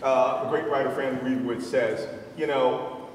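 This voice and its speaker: A man's voice: medium pitch, steady tone, a little slow. Blunt veteran man, distant and echoey. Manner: blunt and combative. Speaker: panelist, military veteran. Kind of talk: heated panel debate. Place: large event hall with audience. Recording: distant mic in echoey hall with crowd.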